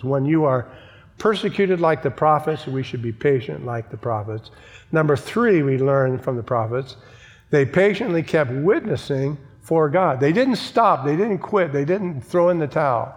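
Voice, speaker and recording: A man's voice: a little high, animated, a little slow. A male pastor preaching a sermon, emphatic, repeating key phrases and asking the congregation for an amen. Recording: long church reverb.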